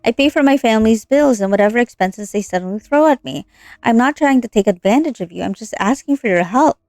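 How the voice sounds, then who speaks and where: A woman's voice: on the high side, animated, quick pace, a little mellow, dry recording. Woman playing a frightened pleading young girlfriend. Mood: defensive. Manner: pleading, desperate.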